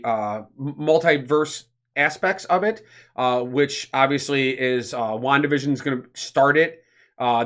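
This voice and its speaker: A man co-hosting a casual podcast, explaining at length in an animated, rambling way with many fillers. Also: medium pitch. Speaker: podcast co-host.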